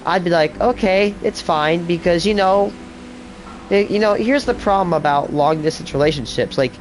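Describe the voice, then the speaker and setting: A man's voice: sits high, moderate pace, slight background noise. A man streaming a game, commenting casually with rambling asides and fillers. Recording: music in the background.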